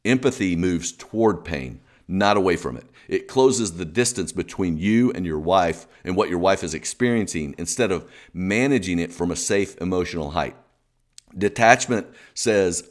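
A man's voice: sits low, animated, normal speed. A man giving an earnest Christian teaching to husbands, repeating key points for emphasis. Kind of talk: teaching talk.

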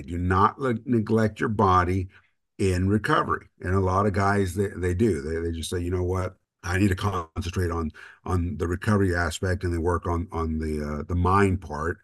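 Deep-voiced man in earnest recovery chat. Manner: earnest, rambling with restarts and self-deprecating jokes. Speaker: podcast co-host. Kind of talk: casual recovery talk.

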